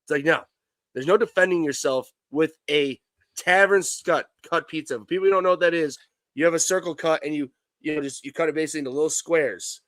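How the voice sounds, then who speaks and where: A man's voice: on the high side, fast talker, a bit bright, dry recording. Rambling man in his thirties, dry close sound. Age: 30s. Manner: rambling storyteller, many restarts, laughs while telling stories. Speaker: co-host. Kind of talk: casual live-stream banter.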